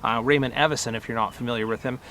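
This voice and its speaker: Relaxed man talking outdoors. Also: medium pitch, rapid-fire, a little hiss or hum. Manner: relaxed, conversational, with fillers and self-corrections. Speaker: rose nursery grower and channel host. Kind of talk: casual talk to camera.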